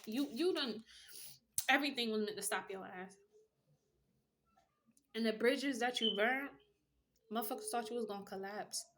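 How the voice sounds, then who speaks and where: A woman's voice: fairly high pitch, moderate pace, pauses often, fairly bright tone, a little hiss or hum. A woman giving a casual tarot reading with a blunt, profane pep-talk manner. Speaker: tarot reader.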